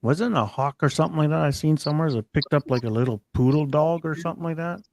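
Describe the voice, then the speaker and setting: Gravelly laid-back man, dry sound. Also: fairly high pitch, fast talker, darkish tone, no echo. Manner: laid-back, slangy, laughs often. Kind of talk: casual chat.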